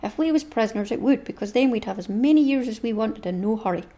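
A woman's voice: on the high side, lively intonation, fast, mellow, close to an everyday voice. A woman reading Tom Sawyer, earnest boy.

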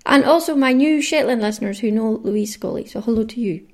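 A woman's voice: on the high side, fairly quick. A woman from Caithness in the far north of Scotland with a Caithness accent, hosting her own podcast in a casual, chatty way and reading out lists of listener names. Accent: Scottish, Caithness. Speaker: podcast host. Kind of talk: casual solo podcast chat.

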